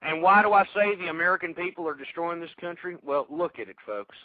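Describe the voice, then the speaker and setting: A man's voice: a little high, quick pace, dry recording. A man hosting a call-in talk radio show, ranting angrily at his listeners, insulting them and stammering through restarts. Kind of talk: angry political talk radio rant. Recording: tinny phone-like radio audio.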